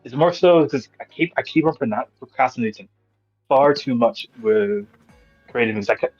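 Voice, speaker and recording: A man's voice: mid-range voice, lively intonation, normal speed, a little mellow, faint music behind. A young man chatting casually over a voice call, hesitant and rambling with lots of fillers. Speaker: guest on voice chat. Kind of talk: casual chat. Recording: dull lo-fi voice chat.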